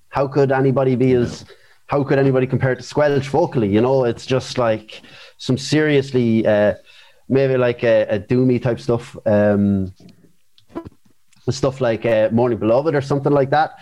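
A man's voice: medium pitch, warm tone, low-quality recording. Rambling, hesitant Irish man. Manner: rambling, hesitant, full of fillers and swearing. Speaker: guest vocalist. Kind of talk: casual chat.

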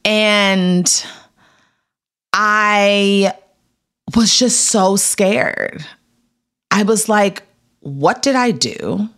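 A woman's voice: medium pitch, drawn-out words, long pauses. A woman in her thirties, an actress guest on a podcast, telling a personal story in casual chat and acting out what people said to her. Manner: animated, acts out quotes in raised voices.

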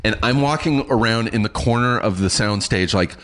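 Man, middle-aged, low voice; animated, salty guest storyteller. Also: normal speed. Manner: animated, swearing, acting out quotes. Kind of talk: casual storytelling.

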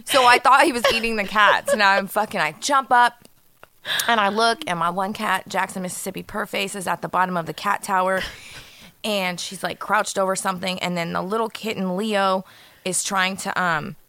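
A woman in her thirties co-hosting a podcast, telling stories in casual, profane, animated chat. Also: medium pitch, moderate pace. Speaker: podcast co-host. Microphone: studio mic.

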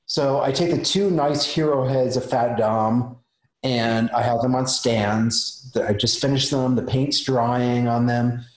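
Animated man telling a story, roomy sound. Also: medium pitch, a little slow. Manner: animated, acts out the voices in his story. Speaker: special effects makeup artist. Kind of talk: casual storytelling. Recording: roomy echo.

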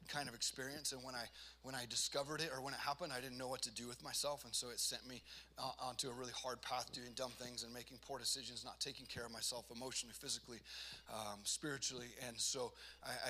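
A man's voice: medium pitch, bright, forceful tone. A man giving a personal testimony sermon, earnest and self-deprecating, building to emphatic, rising delivery. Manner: self-deprecating, laughs at himself.

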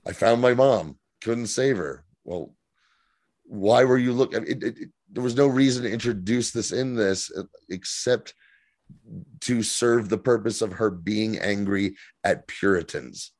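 A man in his thirties co-hosting a casual podcast, recapping a TV episode in an animated, profane way and slipping into quick mock voices. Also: on the low side, no room sound. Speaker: podcast co-host.

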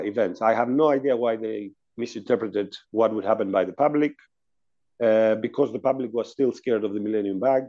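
A man's voice: fairly low pitch, warm tone, highs cut off. Man telling a chatty hotel story. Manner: chatty, laughs between anecdotes. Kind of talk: casual storytelling on a video call.

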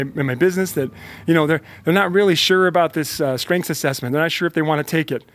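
A man speaks in an emphatic motivational monologue, repeating lines and pushing the listener to act. His voice sits a bit high. The sound is close and dry. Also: fast, no echo. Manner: emphatic, repetitive, fired-up; talks directly to the listener.

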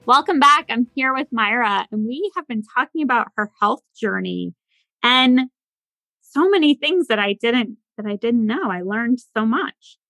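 A woman's voice: on the high side, lively intonation, measured pace, bright, forceful tone, no echo, rough recording. A woman hosting a podcast interview, talking in an emphatic, opinionated way. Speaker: podcast host. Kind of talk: casual interview chat.

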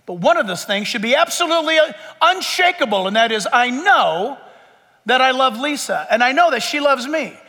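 A man preaching a lively sermon in a church, acting out the voices of his listeners. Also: very high voice, moderate pace. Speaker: pastor. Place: church sanctuary before a congregation. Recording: long church hall reverb.

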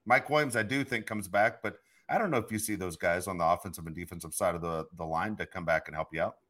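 Low, bright-voiced frustrated man. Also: quick pace. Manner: frustrated, emphatic, laughs loudly. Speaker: podcast host. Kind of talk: casual sports talk.

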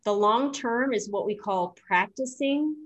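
A woman's voice: on the high side, unhurried. A middle-aged woman, a dental hygienist co-hosting a show, telling stories in a casual, encouraging way. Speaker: podcast co-host, dental hygienist. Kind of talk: casual chat.

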